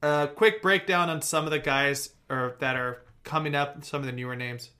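A young man co-hosting a casual sports podcast, joking around and running through team news in a lively way. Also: fairly high pitch, moderate pace. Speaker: podcast co-host.

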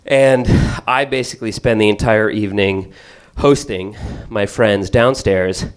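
A man telling a long story in stand-up style, profane, rambling and animated. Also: lowish voice, measured pace, clean tone.

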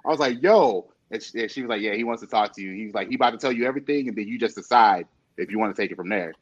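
A man's voice: fairly low pitch, very fast. Man telling a story, dull lo-fi sound. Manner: animated storyteller, laughs often. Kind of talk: casual chat.

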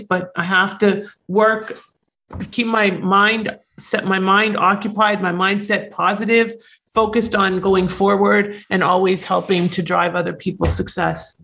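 Raspy, hoarse man with a high voice. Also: fairly bright tone. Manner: eager, self-promoting, talks in quick bursts. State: hoarse after illness. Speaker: podcast guest, real estate referral agent. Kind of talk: casual interview talk.

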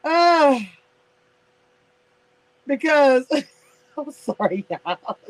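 A woman's voice: high voice, big pitch swings, very slow, poor audio. A woman hosting a casual live stream about reality TV, sassy and laughing often as she answers her viewers in chat.

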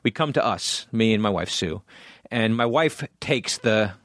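A man's voice: fairly low pitch, expressive, measured pace, fairly bright tone, dry recording, clean studio sound. A man co-hosting a podcast, telling a long casual story full of fillers and restarts. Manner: rambling, lots of fillers and restarts. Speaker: podcast co-host.

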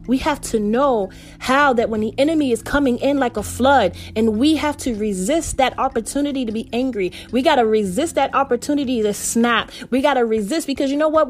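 A woman vlogger telling an earnest devotional story and calling her viewers family. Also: sits high. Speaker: faith vlogger.

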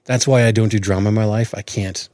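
A man's voice: lowish voice, steady tone, quick pace, a little mellow, no echo, studio quality. A man in his forties co-hosting a podcast, chatting earnestly and often restarting his words. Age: 40s. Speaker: podcast co-host. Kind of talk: casual chat.

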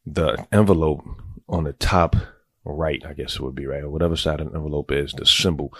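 A man's voice: extremely low pitch, steady tone, fairly quick, a bit bright, slightly rough, no echo, clean studio sound. A man telling a long, rambling personal story in casual, profane street talk. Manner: rambling, streetwise, goes on tangents.

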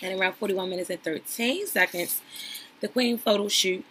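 Woman, casual reality TV recap, sassy and chatty, forceful bright tone. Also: medium pitch, moderate pace, a little hiss or hum, low-quality recording. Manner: sassy, chatty, addresses viewers as y'all. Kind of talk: casual reaction commentary.

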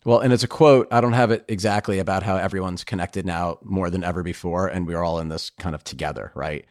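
Earnest deep-voiced male host. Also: fast, darkish tone, no room sound, clean studio sound. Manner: earnest, emphatic, rambling with restarts. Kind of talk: casual conversation.

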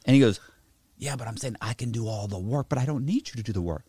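A man telling a story in casual chat, profane and animated, acting out both sides of a conversation. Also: mid-range voice, quick pace, husky, no echo. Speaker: podcast host telling a story.

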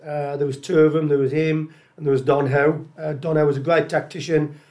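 An older man, a former footballer telling casual, animated stories as a podcast guest, repeating phrases often. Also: on the high side, a little fast. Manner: animated, repeats phrases, lots of uh and you know what I mean. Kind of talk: casual anecdotal storytelling.

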